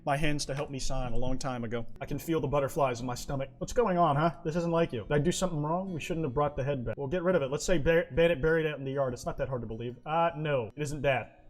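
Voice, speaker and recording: A man reads a dating sim's lines out quickly, his voice sitting a little high. Between passages he bursts into loud, swearing reactions, with a sore throat wearing on him. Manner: loud profane outbursts between readings. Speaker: streamer. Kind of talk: reading a dating sim aloud with live reactions.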